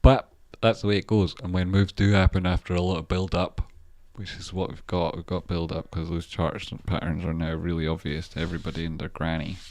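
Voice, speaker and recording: Host role: man with a deep voice, loose and rambling live-stream chat about trading, dry close sound, casual swearing. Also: flat delivery, a little fast, hardly any pauses, a little mellow, no echo. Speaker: trader and channel host.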